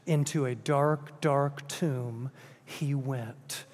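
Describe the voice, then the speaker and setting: A man preaching a sermon and praying, earnest, often sinking to soft, quiet phrases at emotional moments, recorded in a church hall. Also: mid-range voice, steady tone, drawn-out words. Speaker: pastor. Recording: long reverb of a large hall.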